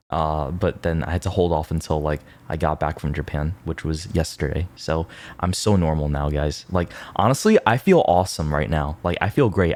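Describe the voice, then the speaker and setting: A man's voice: very deep voice, a little mellow. A young man streaming, chatting casually to his viewers in a rambling, self-mocking way with lots of fillers and laughs.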